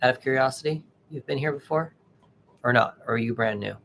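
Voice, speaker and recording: Male tarot reader hosting a live stream, casual and chatty with his viewers, often pausing mid-sentence. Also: medium pitch, vocal fry, fairly bright tone, a little hiss or hum. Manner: chatty, halting, greets viewers by name. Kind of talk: casual livestream chat with viewers.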